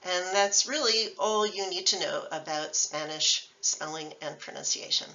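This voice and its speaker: A woman's voice: on the low side, normal speed, bright, forceful tone. A woman instructor giving a recorded language lecture, explaining patiently and methodically with example words. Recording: dull lo-fi sound from a distant mic.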